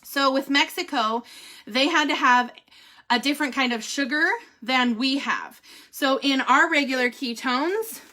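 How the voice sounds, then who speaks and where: Animated and laughing a lot, a middle-aged woman runs a casual vlog covering family news and a product review. She has a high, bright voice and keeps saying "holy cow" and "y'all."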